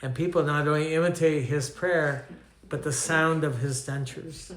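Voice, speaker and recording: A man's voice: a little high, steady tone, moderate pace, fairly bright tone, reverberant. An older man from Canada preaching a teaching sermon, telling anecdotes in a conversational way and asking his listeners questions. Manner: storytelling, conversational, asks the audience questions.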